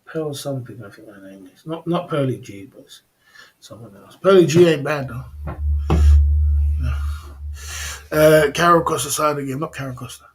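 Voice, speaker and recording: A man's voice: a little high, moderate pace, pauses often, a little hiss or hum. Laid-back, slangy man streaming live. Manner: laid-back, chuckling, slangy, repeats himself. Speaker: livestream host. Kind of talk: casual livestream chat.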